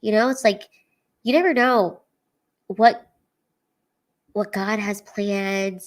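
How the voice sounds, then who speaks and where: A woman's voice: mid-range voice, fairly even intonation, slow. A woman, a comedian hosting a casual livestream, talking candidly and teary, swearing freely. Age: 30s.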